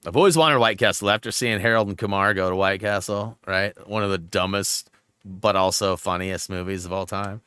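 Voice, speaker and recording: A man hosting a gaming live stream, chatting casually and telling rambling, animated stories while he plays. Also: low voice, moderate pace, smooth, no echo. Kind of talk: live-stream gameplay chat.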